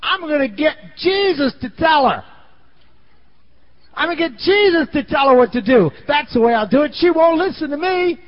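A man putting on a shrill exasperated older sister. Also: expressive, moderate pace, muffled recording. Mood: frustrated. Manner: shrill, complaining, raising voice. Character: exasperated older sister, a frustrated bossy woman.

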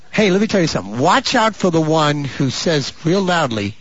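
A man preaching a sermon as pastor, building to fervent, drawn-out shouts and dropping into mock voices and asides. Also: fairly high pitch, sing-song, breathy edge. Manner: rising to fervent, stretched-out shouts. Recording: muffled lo-fi recording.

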